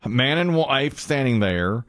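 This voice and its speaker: A man hosting a morning radio show in casual studio chat, telling stories with a loose, animated delivery and frequent laughs. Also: mid-range voice, slow, no room sound.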